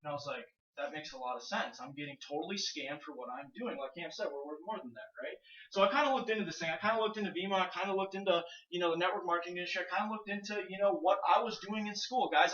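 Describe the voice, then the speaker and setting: Fast-talking young man, roomy far-off sound. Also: sits high. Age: young adult. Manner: energetic, salesy, full of fillers like "you know" and "kinda". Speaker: network marketing speaker. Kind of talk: informal sales pitch and personal story. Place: house party, in a living room. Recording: roomy, distant, dull lo-fi sound.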